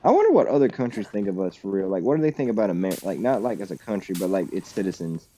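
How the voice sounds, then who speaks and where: A man's voice: deep voice, fast, dark tone, slight background noise. A young man streaming a video game live, chatting casually in a loose, profane, rambling way and laughing often. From United States. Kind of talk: casual live-stream chat while gaming.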